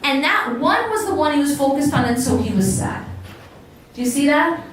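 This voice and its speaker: A woman's voice: sits high, sing-song, normal speed, slight background noise. An American woman giving a motivational religious lecture to a live audience, often asking the listeners questions and repeating words for emphasis. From United States. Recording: very echoey hall, distant mic.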